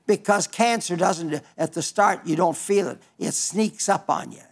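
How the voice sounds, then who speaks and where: A man's voice: sits high, a little slow, vocal fry. A man with an Oklahoma accent preaching a broadcast sermon, earnest and emphatic, repeating key phrases and reading out listener letters.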